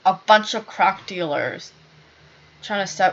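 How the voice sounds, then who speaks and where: A woman's voice: mid-range voice, lively intonation, unhurried. A woman telling a rambling, agitated personal story to camera, full of fillers and swearing. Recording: dull lo-fi recording.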